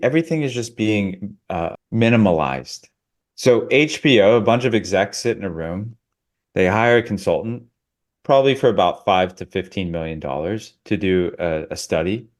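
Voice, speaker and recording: A man's voice: deep voice, lively intonation, normal speed, darkish tone. A man co-hosting a podcast, ranting casually in a sardonic, absurdist way. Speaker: podcast co-host.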